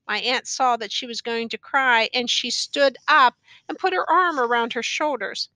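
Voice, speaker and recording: A woman narrates an audiobook in a measured, even way. Her voice sits high and sounds bright. The recording is dry, with no room sound. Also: no room sound. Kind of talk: scripted narration.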